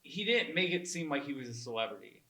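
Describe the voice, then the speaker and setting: Excitable man in an echoey room. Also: mid-range voice, fast. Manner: excitable, repeats "yeah" and "like". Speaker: podcast co-host. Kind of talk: casual podcast chat.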